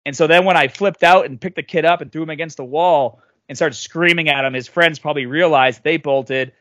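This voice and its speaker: A man in his late thirties telling a story casually on a podcast, animated and loudly acting out the people he quotes. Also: fairly high pitch, fairly quick, no room sound, highs cut off. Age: 30s. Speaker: podcast guest.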